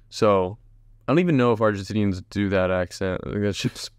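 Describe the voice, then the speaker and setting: A man with a fairly low, smooth and clear voice rambles through a casual solo podcast, hopping from tangent to tangent. He talks straight to his viewers as a chatty host. The sound is close and dry, with no room around it. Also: brisk, no room sound.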